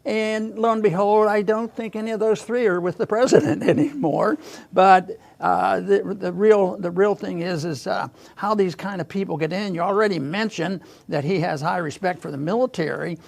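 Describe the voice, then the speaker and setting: A man hosting a casual political discussion, halting and repeating words as he chuckles through his points. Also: high-pitched, gravelly. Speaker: podcast host.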